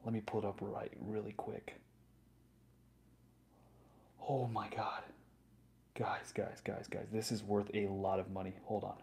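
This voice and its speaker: A young man whispering through an ASMR livestream while opening trading card packs, slangy and excitable, bursting into loud hype now and then. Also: on the low side, unhurried, pauses often, slight background noise. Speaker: ASMR streamer.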